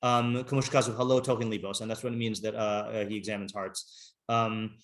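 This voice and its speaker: A man teaching an informal text class, halting and rambling with many fillers, reading Hebrew passages aloud and translating them. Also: fairly low pitch, little pitch movement.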